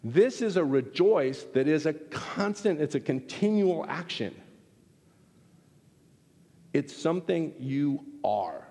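A pastor delivering a sermon, animated and acting out little exchanges as he teaches. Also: a little high, takes it slowly, long pauses. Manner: animated, acts out quoted exchanges. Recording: long hall reverb.

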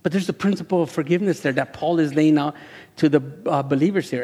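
A male pastor who speaks Spanish as his first language, preaching a sermon that swells into loud, high-pitched passion. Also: fast talker. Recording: echoey hall with long reverb.

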